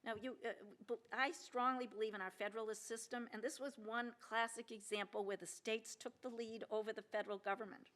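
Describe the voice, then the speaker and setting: A woman's voice: on the high side, steady tone, fairly quick, few pauses, a bit bright. An older woman giving a conference keynote speech, earnest and emphatic, with many restarts and fillers and questions to the audience. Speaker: keynote speaker, federal judge. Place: lecture hall at a law symposium.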